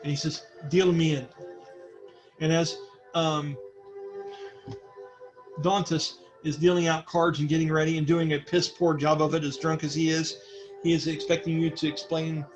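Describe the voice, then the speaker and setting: Higher-voiced man running a tabletop game. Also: flat delivery, moderate pace, music in the background, low-quality recording. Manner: casual, swearing, voices characters. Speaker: game master.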